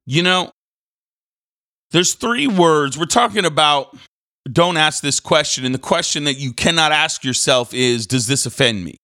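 A man, a minister hosting a faith podcast, who talks casually and rambles through animated stories. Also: a little high, unhurried, dry recording, studio quality.

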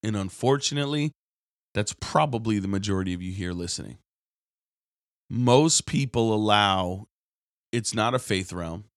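A low-pitched man delivers a sermon like a radio message, shifting between earnest teaching and animated stories. He imitates complaining people in a high, whiny voice. The recording is close and dry, with no room sound. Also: moderate pace, pauses often, no room sound. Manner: animated storytelling, mimics others in a high whiny voice. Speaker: preacher.

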